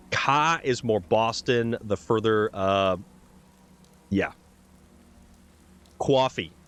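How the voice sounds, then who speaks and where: A man's voice: fairly low pitch, slight background noise. Casual chatty male game streamer. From New Hampshire. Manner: casual, chatty, says "dude" often. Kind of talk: live gameplay commentary and chat reading.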